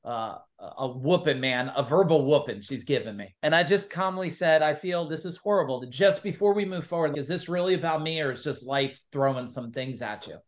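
A man's voice: fairly high pitch, normal speed, hardly any pauses. Emphatic middle-aged male business coach. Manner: animated, emphatic, acts out quoted dialogue. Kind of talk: podcast interview storytelling.

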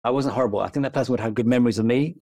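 A young junior doctor tells a story on a podcast, rambling and self-deprecating in quick, low-key casual chat. His voice has a darkish tone, and there's no room sound.

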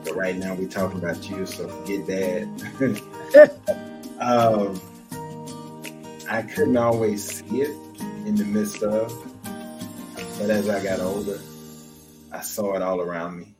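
A man's voice: lowish voice, steady tone, unhurried, pauses often, music in the background. A middle-aged man co-hosting a podcast, giving an earnest, emotional tribute spoken directly to his mother. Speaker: podcast co-host.

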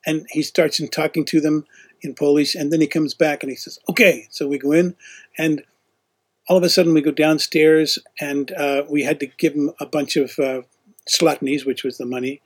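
A man with a husky, slightly high voice tells a loose, rambling story. He acts out the lines of the people in it as he goes. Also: flat delivery, moderate pace. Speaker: former teacher leading a student trip. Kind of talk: casual storytelling.

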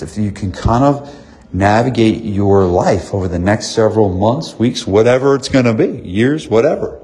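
A man in his thirties who owns a gym, giving an earnest motivational talk on leadership and staying calm, repeating points for emphasis. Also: lowish voice, slightly rough. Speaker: gym owner and business coach.

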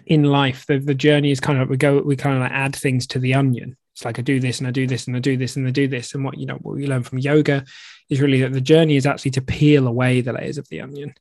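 A man's voice: mid-range voice, level tone, fast talker, darkish tone, no echo. A man hosting a casual podcast chat, speaking reflectively in loose phrases. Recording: dry close mic.

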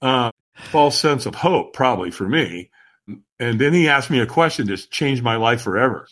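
A man, a podcast guest, telling a personal story in animated conversation, emphatic and acting out what others said. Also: medium pitch, normal speed. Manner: acts out quoted voices, emphatic.

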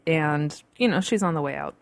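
Podcast host, woman, low-pitched, chatty and upbeat, dry home recording. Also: moderate pace, creaky, dry recording. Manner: bubbly, chatty, animated with playful asides. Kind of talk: casual solo podcast talk. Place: home in a large city. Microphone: computer-recorded podcast mic.

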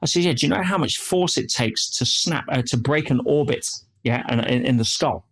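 A man's voice: mid-range voice, moderate pace, creaky, fairly bright tone, breathy edge. A man speaking as an interview guest, telling stories animatedly and dropping in frequent "yeah"s and "you know"s. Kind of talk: interview storytelling.

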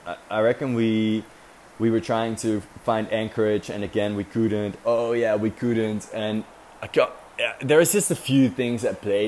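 A man's voice: on the low side, a little mellow, slight background noise. A young man casually telling a story as a vlogger, rambling with lots of fillers and swearing. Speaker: vlogger recounting a sailing trip.

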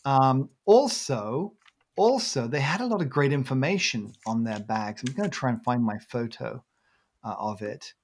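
A man in easygoing conversation who rambles, restarts and laughs at himself. His voice sits at a middle pitch with nothing unusual in its tone. He sounds like a podcast host talking over his own topic. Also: animated, normal speed. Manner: rambling, self-deprecating, laughs often. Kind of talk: casual chat.

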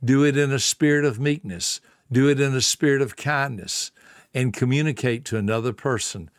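A middle-aged man, giving a folksy motivational talk. He tells stories, repeats words for emphasis and drops into soft, low tones. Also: normal speed, no echo, studio quality. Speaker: speaker on a self-help talk.

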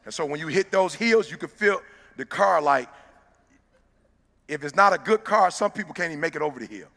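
A man's voice: on the high side, expressive, a little fast, vocal fry, bright, forceful tone. A man who works as a motivational speaker talks straight to a live audience in an emphatic, preacher-like way. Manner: emphatic, preacher-like, direct address to listeners. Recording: long reverb of a large hall.

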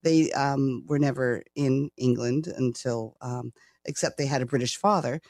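A woman's voice: extremely low pitch, measured pace, a little mellow, no room sound. A chatty retired woman from Canada, talking casually with frequent laughter. She often stumbles over the first word of a sentence. The sound is close and dry, with no room around it. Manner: chatty, laughs often, repeats words when starting. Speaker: interview guest. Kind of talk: casual conversation.

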